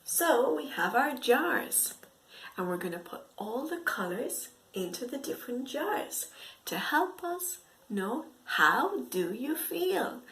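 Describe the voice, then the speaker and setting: A woman teaching to preschool children through a story, speaking in an exaggerated, expressive way with gasps and whispered asides. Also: sits high. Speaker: English teacher for young children.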